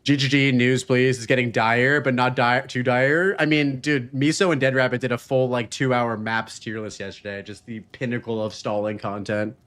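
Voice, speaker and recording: A man's voice: medium pitch, level tone, normal speed, few pauses, fairly bright tone. A man streaming a video game, chatting casually, joking and laughing often as he reads chat messages aloud.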